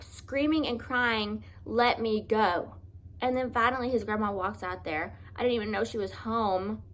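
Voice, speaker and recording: A woman speaks to camera in a personal storytime vlog, her voice at an ordinary middle pitch. She tells her story earnestly and haltingly, stopping to restart lines. A faint hiss of noise sits under her voice. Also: gravelly, fairly bright tone. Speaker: vlogger.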